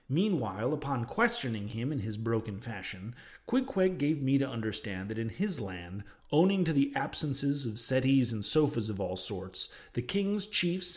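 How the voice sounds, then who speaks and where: Man reading a classic novel aloud. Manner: measured, dropping low on speech tags. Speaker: audiobook narrator. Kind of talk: scripted narration of a classic novel.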